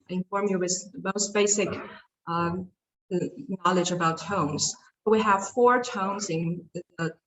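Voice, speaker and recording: A woman's voice: mid-range voice, a bit bright. A woman giving an online language lesson, talking hesitantly with many fillers and restarts. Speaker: Chinese language teacher. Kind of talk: online lecture with slides. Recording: echoey room with faint noise.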